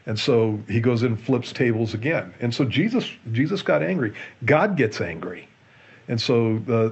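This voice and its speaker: A man, a pastor, explaining a Bible passage in a relaxed Q&A show, earnest and often restarting and repeating his words. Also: medium pitch, husky, highs cut off. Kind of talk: conversational Bible teaching in a Q&A show.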